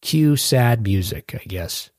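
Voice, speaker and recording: A man's voice: mid-range voice, expressive, takes it slowly, a little mellow, dry recording, clean studio sound. A man hosting a podcast in casual chat, rambling and correcting himself as he jokes along. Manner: rambling, self-correcting, jokey. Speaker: podcast host.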